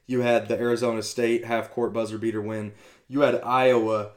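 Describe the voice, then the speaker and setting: A man's voice: medium pitch, flat delivery. Casual male sports podcast host. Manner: loose, swears casually, quick asides.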